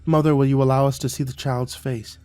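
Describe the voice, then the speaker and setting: Rough bearded cultist, as a narrator plays him, solemn and reverent, dry sound. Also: male voice, medium pitch, flat delivery, fairly quick, mellow, dry recording, faint music behind, lightly acted.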